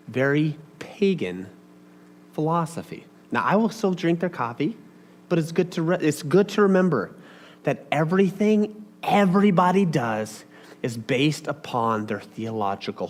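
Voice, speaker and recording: A man's voice: mid-range voice, slight background noise. A man preaching a casual, chatty sermon, talking straight to his congregation with asides and questions. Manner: chatty and animated, talks to the audience with asides.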